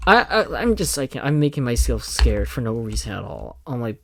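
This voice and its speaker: A man's voice: medium pitch, very animated, normal speed, creaky, few pauses. A young man talking casually while playing a survival game, rambling in loose thoughts and swearing when startled. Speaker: gaming video creator. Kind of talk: casual gameplay commentary.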